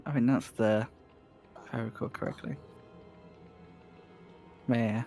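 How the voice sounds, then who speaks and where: A man's voice: medium pitch, fairly even intonation, measured pace, mellow. British guy casting a speedrun, chatty and dry, music playing behind. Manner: chatty, self-deprecating, wry. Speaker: speedrun commentator. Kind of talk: live game commentary.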